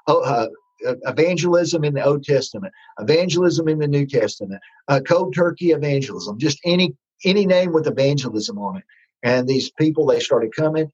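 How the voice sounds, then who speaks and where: A man telling his faith testimony in a rambling, halting way, full of restarts. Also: mid-range voice, breathy edge, dull audio. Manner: rambling, with many restarts and fillers. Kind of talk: storytelling testimony.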